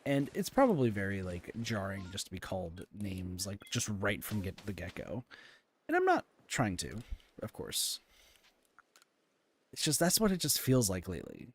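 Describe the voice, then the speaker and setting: A man's voice: on the low side, huge pitch swings, moderate pace, husky. A man streaming a game, chatting casually and rambling through his frustrations with plenty of fillers and restarts. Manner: rambling and candid, full of fillers and restarts, venting. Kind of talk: casual stream chat while playing.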